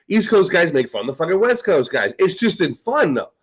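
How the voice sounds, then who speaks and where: A man's voice: sits high, big pitch swings, fairly quick, slightly rough, rough recording. A man hosting a podcast, chatting casually in a profane, rambling way and laughing often. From United States. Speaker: podcast host. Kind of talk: casual chat.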